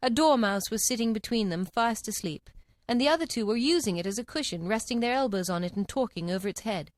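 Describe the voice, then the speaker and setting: A woman narrating a storybook in an expressive, lively reading. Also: on the high side, fast talker, dry recording, studio quality.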